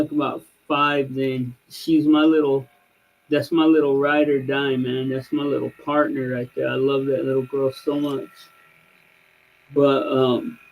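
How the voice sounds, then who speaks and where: Thirty-something male streamer, slow and gravelly, rambling and casual. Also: fairly high pitch, highs cut off. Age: 30s. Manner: rambling storyteller, many fillers and restarts. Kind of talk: casual chat.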